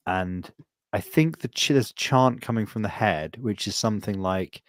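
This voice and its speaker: A man chatting casually on a podcast, rambling through animated stories with lots of restarts. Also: medium pitch, moderate pace, dry recording. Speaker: podcast co-host.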